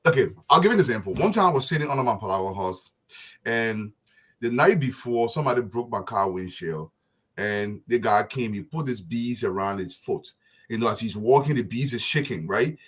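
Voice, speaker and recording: Husky, fast-talking man. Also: mid-range voice. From Liberia. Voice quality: animated storyteller, laughs often. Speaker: talk show host. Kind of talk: live talk show chat.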